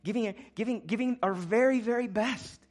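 A pastor preaches a sermon at normal speed, swinging between quiet, low asides and loud, urgent exclamations.

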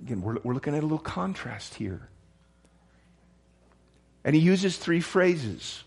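A man's voice: fairly high pitch, very animated, unhurried, gravelly, breathy edge. Emphatic man preaching a sermon. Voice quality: repeats and restarts words, emphatic jumps in volume. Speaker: pastor.

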